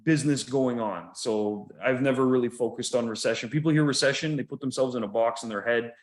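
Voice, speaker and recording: A man's voice: medium pitch, a little fast. A Canadian man co-hosting a podcast in casual chat, rambling along, laughing often and swearing freely. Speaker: podcast co-host.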